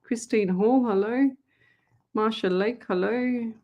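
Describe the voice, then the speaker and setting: Middle-aged Australian woman, live-stream host, casual and friendly chatter, quick to laugh. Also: fairly high pitch, a little mellow. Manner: chatty, greets viewers by name, laughs easily. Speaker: psychic medium hosting a live stream.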